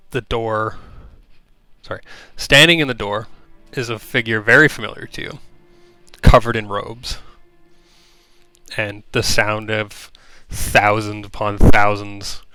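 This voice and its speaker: A man narrating a tabletop game as game master, describing the scene in an unhurried way with plenty of fillers. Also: lowish voice, sharp tone, clear, resonant tone, no echo.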